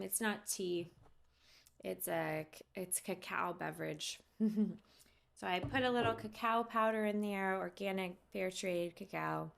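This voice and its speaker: A woman who teaches yoga, chatting casually with viewers on a live stream, unhurried and loose with fillers and restarts. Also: medium pitch, gravelly.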